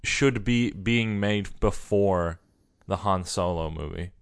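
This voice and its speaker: A young man co-hosting a casual chat, joking, opinionated and quick to tease. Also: deep voice, clean tone. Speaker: podcast co-host.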